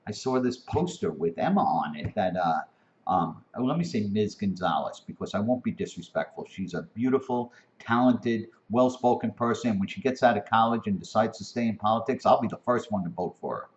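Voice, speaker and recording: A man delivering an impassioned, profane spoken rant that keeps climbing to near-shouting. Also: on the low side, lively intonation, fairly quick. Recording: dull lo-fi recording.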